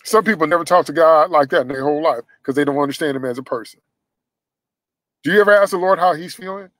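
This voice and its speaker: A man preaching a sermon, emphatic, swinging from loud bursts to hushed lines and acting out the voices he quotes. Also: on the high side, quick pace, no room sound, rough recording.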